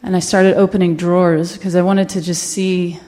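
A woman from Mississippi, a comedian, telling a personal story on stage in a halting, candid, quietly emotional way. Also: lowish voice, level tone. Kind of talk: stand-up storytelling monologue.

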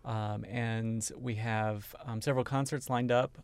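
Gravelly-voiced man explaining band programs. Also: medium pitch, steady tone, unhurried, no echo. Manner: friendly, many "um" fillers, informative. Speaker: community band director. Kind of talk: casual radio interview.

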